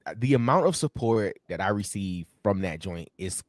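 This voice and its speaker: A man co-hosting a sports livestream, telling stories in an animated, slangy way with lots of laughs. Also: fairly low pitch, normal speed, no room sound, clean studio sound. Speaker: sports show co-host. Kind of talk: casual livestream chat.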